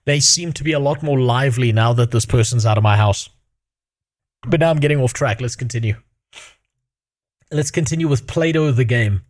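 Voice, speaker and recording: A man's voice: mid-range voice, normal speed, long pauses. A man streaming casually with a sore throat, swearing often and ranting animatedly. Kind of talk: casual reaction stream chat.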